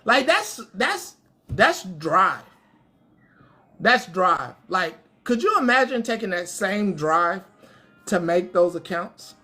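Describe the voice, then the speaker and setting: A woman's voice: lowish voice, lively intonation, unhurried, sharp tone, soft background music. A woman hosting a livestream, ranting at her chat and trolls in a casual, profane way and laughing often. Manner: profane, laughing, talks straight back to trolls. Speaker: livestream host.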